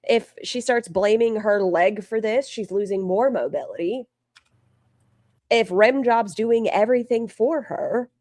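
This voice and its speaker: A woman's voice: mid-range voice, expressive, a little slow, a little mellow, no echo, clean studio sound. Sarcastic woman co-hosting a stream. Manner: sarcastic, joking. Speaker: co-host. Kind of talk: casual reaction stream chat.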